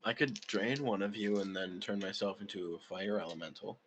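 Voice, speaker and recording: Bright-voiced man playing a tabletop game. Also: on the low side, brisk, slight background noise, rough recording. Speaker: player. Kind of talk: casual tabletop game chat.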